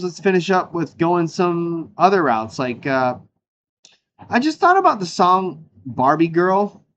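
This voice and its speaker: A man with a slightly high voice hosts his own show, though the recording is muffled and carries slight background noise. His chat is casual and rambling, and he hops animatedly from topic to topic, full of fillers and laughter.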